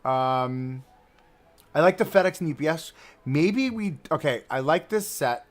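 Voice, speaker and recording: A man live-streaming a park-building game, chatting and thinking aloud as he browses and places items, swinging between excited outbursts and low mutters. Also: a little slow. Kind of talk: casual live-stream commentary while building.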